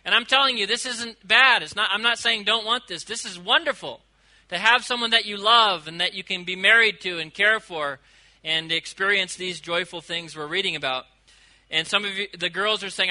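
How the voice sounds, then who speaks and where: A man delivers a sermon in a high, very bright voice. He preaches with animation, swinging between loud emphasis and quiet asides. He stretches out quoted lines slowly. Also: poor audio. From United States. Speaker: pastor.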